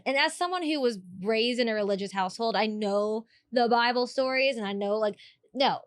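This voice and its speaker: A woman's voice: on the high side, moderate pace, clean tone, no room sound. A woman co-hosting a podcast, chatting casually and telling stories with strong opinions. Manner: animated, opinionated storyteller. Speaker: podcast co-host. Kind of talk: casual chat.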